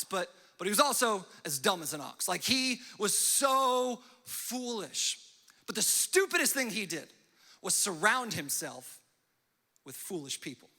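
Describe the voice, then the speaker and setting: A man's voice: sits high, pushed and bright, in a large hall. A young man preaching a sermon as a pastor, telling a story and briefly acting out its characters. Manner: storytelling with quick acted-out voices and asides. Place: church hall.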